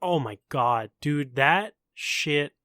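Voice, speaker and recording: A man's voice: on the high side, animated, slow, sharp tone. Rambling young man. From Long Island, New York. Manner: laid-back, rambling, lots of "like". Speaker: podcast co-host. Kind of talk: casual chat.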